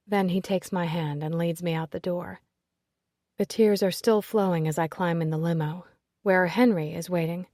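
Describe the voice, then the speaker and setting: A woman reading a first-person audiobook in an expressive, emotional storytelling manner. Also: lowish voice, normal speed, dry recording, clean studio sound. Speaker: audiobook narrator.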